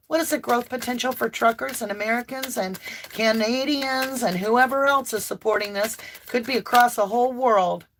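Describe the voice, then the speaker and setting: A woman doing an impassioned tarot reading to camera, emphatic and near yelling at times, with chatty asides to her viewers. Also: a little high, slight background noise. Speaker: tarot reader and channel host.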